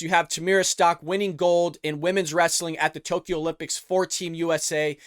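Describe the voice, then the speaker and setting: A man's voice: fairly high pitch, a bit bright, clear, resonant tone, dry recording, studio quality. A man hosting a reaction show, giving emphatic, repetitive commentary on a video clip. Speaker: host of a political reaction show.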